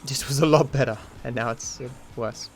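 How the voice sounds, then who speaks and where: Over faint music, a man with an ordinary middle-pitched voice livestreams a speedrun at a moderate pace, giving gameplay commentary. Between attempts he reads and answers chat, cursing often, grumbling at bad luck and easily frustrated, and poking fun at himself.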